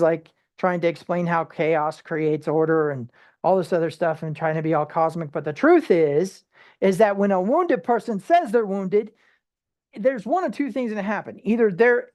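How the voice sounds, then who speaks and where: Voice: medium pitch, a little mellow. Conversational Bible study teacher. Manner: conversational, with rhetorical questions and quick restarts; acts out everyday people in short quoted asides.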